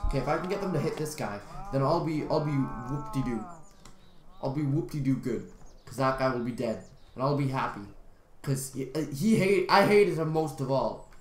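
A man's voice: medium pitch, normal speed, a little hiss or hum. A young man giving rambling, jokey gameplay commentary and talking back to the characters on screen. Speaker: gaming channel host. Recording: roomy echo.

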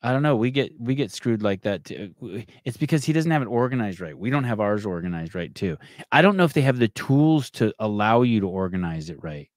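A man's voice: lowish voice, lively intonation, fairly quick, dry recording, clean studio sound. A man hosting a podcast in casual chat, rambling and swearing often, with many restarts. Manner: rambling and profane, with frequent restarts. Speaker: podcast host.

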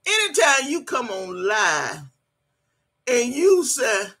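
A woman in her late sixties chats through a casual live stream, reading comments and teasing her viewers. Her voice is husky and bright, and she laughs loudly and swears freely as she talks. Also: fairly high pitch, sing-song, slow. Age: 60s. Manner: chatty, colloquial, swears freely. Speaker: livestream host reading chat.

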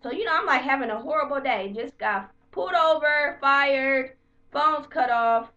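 A high-voiced woman vents to camera in a casual vlog, swearing and animated as she tells her story. Her voice is bright and sharp. The home recording sounds dull and lo-fi. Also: moderate pace, far from the mic, soft background music. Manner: profane, heated, animated storytelling. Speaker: vlogger.

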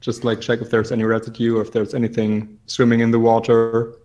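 A man's voice: mid-range voice, completely flat delivery, a little fast, dark tone. Hesitant male player. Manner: unsure, rambling. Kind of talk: casual tabletop play.

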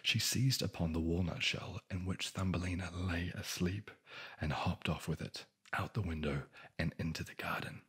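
A man narrates a fairy tale in a soft ASMR whisper, close to the microphone. His voice is deep and low, and very husky and breathy, with the odd dry quip dropped into the reading. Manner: soft whispering with wry joking asides. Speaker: storyteller. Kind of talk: whispered ASMR sleep story.

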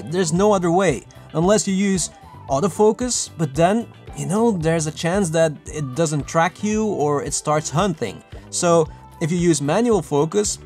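A man giving casual, lively filmmaking tips to camera, chatty and self-mocking. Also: fairly high pitch. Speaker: filmmaking vlogger. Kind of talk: casual tutorial talk to camera.

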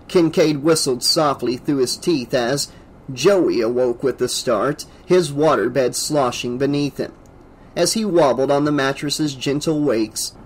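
A man reading aloud as the narrator of a horror audiobook, in a steady, measured way. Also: fairly high pitch, poor audio. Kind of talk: scripted narration.

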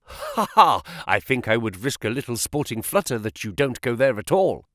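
A man voicing a brisk, smooth-talking male financial agent who speaks quickly and sharply in an audiobook reading. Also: medium pitch, no echo, studio quality, lightly acted. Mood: persuasive. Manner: quick, sharp, flattering and excitable. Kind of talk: audiobook character voice.

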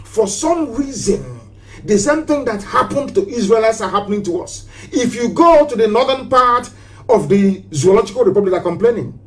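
A man from southeastern Nigeria, speaking, addresses listeners in a live broadcast. His voice sits high, and he preaches passionately, pressing his points through repeated phrases and pointed rhetorical questions. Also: animated, normal speed. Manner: impassioned and preachy, hammering rhetorical questions and repetitions. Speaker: political activist broadcaster.

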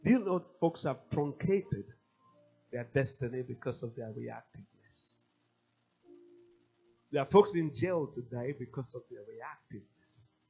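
A man's voice: mid-range voice, lively intonation, unhurried, vocal fry, mellow, husky, faint music behind. A male pastor preaching a sermon, emphatic and repeating his key phrases.

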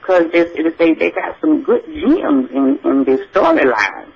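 In a comic call-in character bit, a man plays a churchy elderly grandmother who calls everyone sugar and keeps calling on the Lord. His exaggerated voice is fairly high, with huge pitch swings, vocal fry and a breathy edge, and it moves a little slowly. The older character is effusive and preachy, exclaiming Lord and Jesus, and the audio sounds dull.

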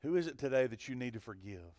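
A male pastor preaching a sermon in church, animated, swinging from loud to hushed and questioning the congregation. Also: mid-range voice, quick pace, no echo, clean studio sound. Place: church sanctuary.

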